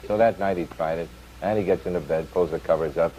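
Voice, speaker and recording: A man's voice: sits low, fairly quick, warm tone, slight background noise, rough recording. A man hosting a vintage TV talk show, trading jokes with an easy, dry delivery. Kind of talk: joke telling and hosting.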